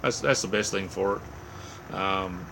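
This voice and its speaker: A man's voice: low-pitched, slow pace, gravelly, pushed and bright, slight background noise. An Australian man hosting a late-night livestream, rambling casually to viewers with lots of fillers and friendly slang, tired from little sleep. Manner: rambling and laid-back, heavy on "mate" and "um". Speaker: livestream host. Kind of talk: casual live-chat with viewers.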